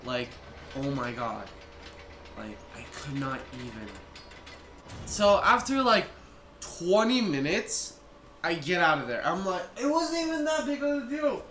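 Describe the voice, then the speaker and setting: A young man telling a rambling storytime vlog and acting out people's lines in quick bursts. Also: high-pitched, very animated, pushed and bright. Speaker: vlogger. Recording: echoey room, noisy ambience.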